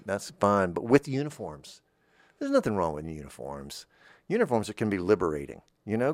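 A man improvising a comic story in a rambling, deadpan way, drifting off on tangents. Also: lowish voice, dry recording. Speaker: comedy podcast performer.

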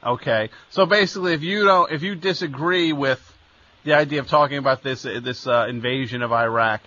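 Sarcastic radio host guy, bright voice, stammers a lot, kinda dull lo-fi sound. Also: mid-range voice, fairly quick, dry recording. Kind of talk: radio call-in chat.

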